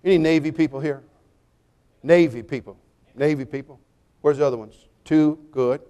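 A man preaching a sermon, telling jokey stories with lively swings between loud punchlines and quiet, earnest appeals. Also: on the high side, moderate pace, dull audio. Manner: animated, joking storytelling with sudden drops to quiet appeals.

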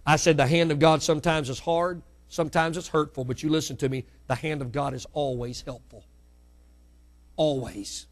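A middle-aged male pastor preaching a sermon, with sudden loud climbs and hushed drops. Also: a little high, steady tone, brisk.

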